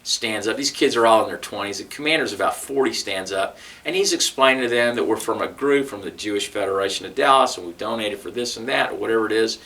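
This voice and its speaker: A lower-pitched man with a Texan accent tells his story in an oral history interview. His voice is bright and forceful and sits a little back from the mic. He talks conversationally, restarting phrases and acting out the dialogue he recalls. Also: quick pace, hardly any pauses, far from the mic.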